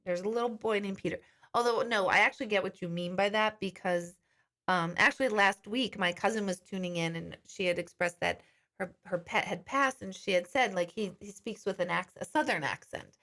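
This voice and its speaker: A woman with a brisk, sharp, medium-pitched voice hosts a live-stream question and answer session as a psychic medium. She chats casually and reads viewer comments aloud.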